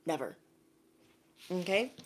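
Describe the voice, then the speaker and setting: A woman's voice: on the low side, takes it slowly. Chatty woman livestreaming to viewers. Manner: animated, laughs often, reads out viewer names. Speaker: intuitive reader livestreaming to viewers. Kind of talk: casual livestream chat.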